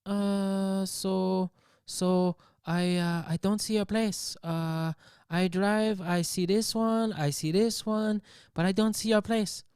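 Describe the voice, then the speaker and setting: A man's voice: sits high, steady tone, darkish tone, clean tone, no room sound, studio quality, pitched above the performer's own voice. A man voicing a hesitant, lost woman delivery driver who stumbles over ums and uhs. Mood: flustered, unsure. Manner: halting, full of ums and uhs.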